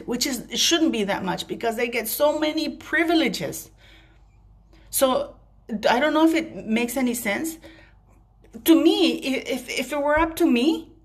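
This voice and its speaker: A woman vlogger delivering an emphatic opinion rant straight to her viewers, breaking off now and then to apologize for ranting. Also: a little high. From Commonwealth country.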